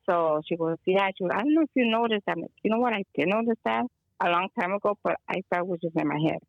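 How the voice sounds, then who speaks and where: A woman's voice: medium pitch, quick pace, creaky, no room sound, dull audio. A woman from Chicago, a guest calling in, telling a rambling story and slipping Spanish phrases into her talk. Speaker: guest, energy healer. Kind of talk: casual phone-in chat. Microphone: phone call.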